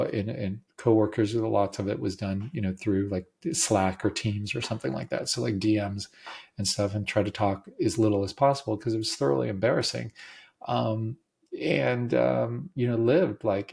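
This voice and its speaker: A man hosting a podcast, talking in a halting way with many restarts and deep breaths, his voice cracking at times and emotional. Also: gravelly, darkish tone. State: emotional, close to tears. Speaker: podcast host. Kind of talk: personal monologue.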